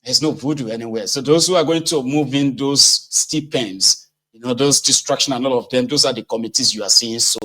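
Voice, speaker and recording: A man's voice: medium pitch, fairly quick, pushed and bright. A man with a Nigerian accent giving casual political commentary, conversational and sarcastic, mixing in pidgin.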